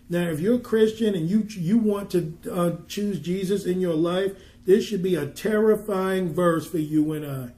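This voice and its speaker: A man who works as a minister, telling a faith story earnestly and reading scripture slowly and with weight. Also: sits high, warm tone, roomy sound. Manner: tells a story earnestly, then reads scripture slowly and emphatically. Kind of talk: preaching and storytelling on a podcast.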